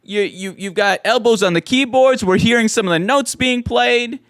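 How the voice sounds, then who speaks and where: A man's voice: very high voice, normal speed, a bit bright, clean tone, no echo. A man hosting a podcast interview, enthusiastic and given to repeating his phrases. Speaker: podcast host. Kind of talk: interview chat.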